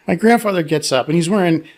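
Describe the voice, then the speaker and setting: A man's voice: fairly high pitch, normal speed. A man co-hosting a podcast, telling a funny story in casual chat, laughing often and acting out the voices of the people in it. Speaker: podcast co-host.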